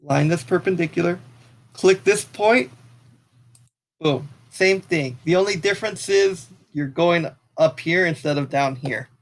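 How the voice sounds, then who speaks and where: A young man tutoring math, talking casually through a software walkthrough as he clicks, now and then apologizing for his slips. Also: on the high side, measured pace. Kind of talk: screen-recorded software tutorial.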